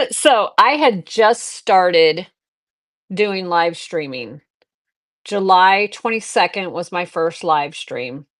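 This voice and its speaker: Rambling, lower-voiced woman live-stream host. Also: expressive, takes it slowly. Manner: rambling anecdotes, restarts and fillers, talks to viewers. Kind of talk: casual chat on a live stream.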